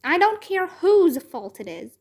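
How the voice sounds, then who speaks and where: A woman voicing a strict but patient male schoolteacher who corrects grammar slowly and firmly in a children's book read-aloud. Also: very high-pitched, very animated, darkish tone, voice pushed up, heavily acted. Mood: stern. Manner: slow, correcting, measured. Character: strict patient male first-grade teacher.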